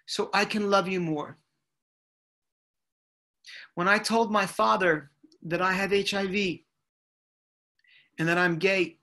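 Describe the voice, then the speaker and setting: A man from Brooklyn giving an inspirational speech over a video call, in deliberate, repetitive, rhythmic phrases. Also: high-pitched, pushed and bright. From United States (Brooklyn, New York). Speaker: inspirational speaker.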